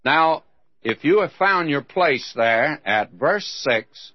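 A man's voice: on the high side, expressive, slow pace. An older man with a Southern US accent teaching the Bible on radio in a folksy, plain-spoken storytelling way. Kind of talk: radio sermon. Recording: dull lo-fi radio broadcast recording.

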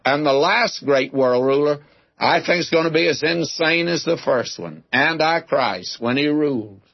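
A man's voice: on the high side, husky, no room sound. A man preaching a sermon, teaching through a scripture passage in a folksy, conversational way and calling his listeners "my friend". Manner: folksy, addresses listeners as "my friend", tells homely jokes. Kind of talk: expository sermon. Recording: dull lo-fi recording.

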